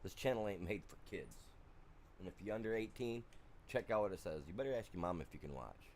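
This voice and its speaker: Streaming a farming game, a man chats casually and ramblingly with his viewers, dropping "you know" constantly. His voice is on the low side, a little mellow and expressive, and he talks fast, with slight background noise.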